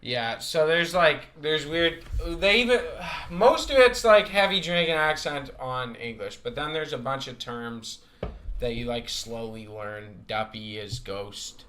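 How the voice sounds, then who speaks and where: A young man co-hosting a podcast, telling animated stories in casual chat, swearing often and acting out the voices of people he quotes. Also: medium pitch, unhurried. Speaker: podcast co-host.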